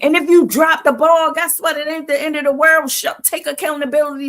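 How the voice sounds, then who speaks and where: A woman's voice: sits high, fairly even intonation, fairly quick, a bit bright. A woman hosting a livestream who gives a motivational talk in casual vernacular, asking "Why?" before each answer. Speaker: livestream host.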